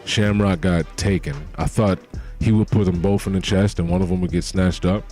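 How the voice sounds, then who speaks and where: A man streaming a casual live reaction to a manga chapter, talking in a slangy, profane and excitable way. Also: deep voice, moderate pace, faint music behind.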